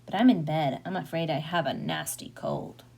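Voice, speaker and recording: A woman voicing a sly, smooth-talking male wolf who speaks with mock politeness in a storybook reading. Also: fairly high pitch, sing-song, normal speed, dark tone, full character voice. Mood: feigned sick. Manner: honeyed, mock-courteous, lingering words.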